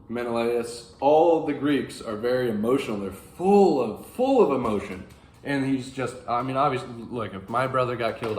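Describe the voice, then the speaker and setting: A man hosting a book channel, casually explaining classic literature in a rambling, animated way with frequent fillers. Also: lowish voice. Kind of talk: casual classics commentary to camera. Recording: roomy with faint ambience.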